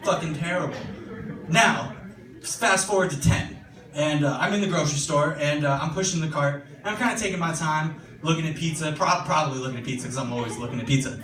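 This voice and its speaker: Young guy doing stand-up, kinda high voice, loose and sweary, echoey room, sounds a bit far off. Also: a little fast, fairly bright tone. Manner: casual, profane, self-deprecating, hesitant with fillers. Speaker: stand-up comedian. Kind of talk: stand-up comedy set. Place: comedy club stage with audience laughter.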